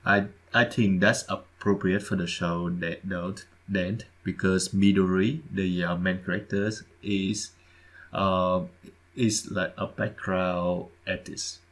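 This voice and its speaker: A man's voice: sits low, level tone, takes it slowly. A man co-hosting a casual podcast chat, speaking hesitantly, restarting and repeating words as he goes. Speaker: podcast co-host.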